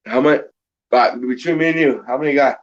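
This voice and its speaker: On a live call-in chat, a man joins by video after a hot chip challenge, mouth burning and eyes teary. In a mid-range, slightly fast voice, he groans and talks through the pain. The video call audio is dull and lo-fi.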